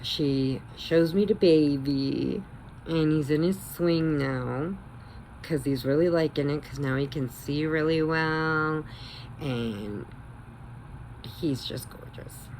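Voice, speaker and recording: A middle-aged woman telling a story casually in her vlog, chatty and animated, acting out the quotes. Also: low voice, takes it slowly, slight background noise. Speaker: vlogger.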